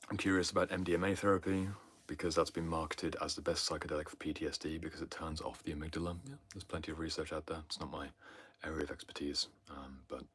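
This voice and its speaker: Male livestream host, very low husky voice, swings from loud emphasis to hushed whispers. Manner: intense, often sinking into a breathy near-whisper. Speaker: host answering viewer questions. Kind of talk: livestream Q&A talk.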